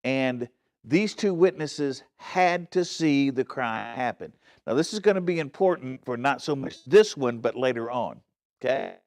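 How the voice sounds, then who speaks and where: This pastor teaching a church Bible study has a medium-pitched, expressive voice and talks a little slowly. He makes his points with earnest emphasis, frequently asks if listeners are with him, and keeps restarting and self-correcting.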